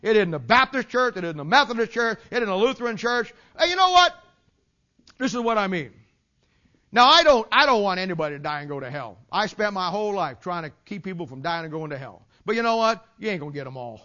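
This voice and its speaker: An older preacher delivers a sermon in a high, bright voice, hammering his points with folksy sayings and repetition. The recording is dull and lo-fi, like an old church tape. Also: expressive, fast, few pauses.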